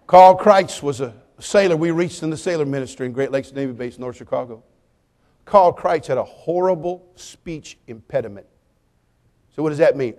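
A man preaching a sermon, telling jokey stories with lively swings between loud punchlines and quiet, earnest appeals. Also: fairly high pitch, normal speed. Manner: animated, joking storytelling with sudden drops to quiet appeals.

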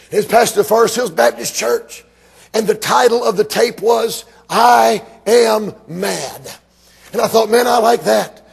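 A man from Georgia preaching a sermon, telling stories emphatically and rising to shouts. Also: high voice, creaky, breathy edge.

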